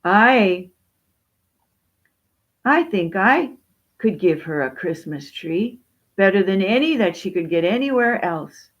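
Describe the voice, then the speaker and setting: Woman playing a confident male peacock, storybook, slow, muffled. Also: mid-range voice, expressive. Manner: self-assured.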